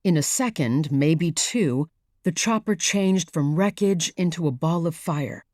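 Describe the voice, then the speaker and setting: A woman audiobook narrator with a low voice reads scripted narration at an unhurried pace, her storytelling measured and even. The sound is clean studio quality with no echo.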